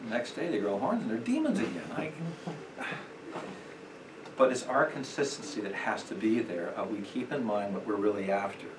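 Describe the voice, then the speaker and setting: A middle-aged man teaching a parenting class at church, talking conversationally with many fillers and acting out quick quotes. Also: fairly low pitch, lively intonation. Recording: echoey room, distant mic, noisy.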